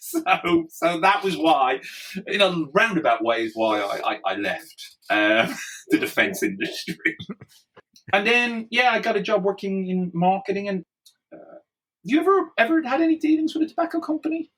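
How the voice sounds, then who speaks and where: A man with an Irish accent, a guest telling anecdotes in an animated, laughing way. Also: sits high, normal speed, far from the mic, poor audio. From Ireland. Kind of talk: storytelling in conversation.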